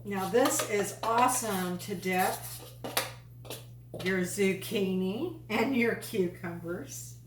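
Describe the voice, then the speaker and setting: A woman's voice: medium pitch, slow pace. Woman, cooking show host, chatty, enthusiastic, folksy asides, echoey room, faint background noise. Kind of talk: casual cooking demonstration. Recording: echoey room, mic at a distance.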